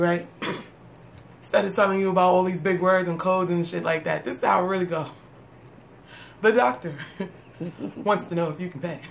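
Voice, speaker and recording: A woman rants with a sarcastic, streetwise edge, often breaking into laughter. Her voice sits in a middle register. A faint hiss of background noise runs under the recording. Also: mid-range voice. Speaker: comedic monologue host. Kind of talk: casual comedic rant.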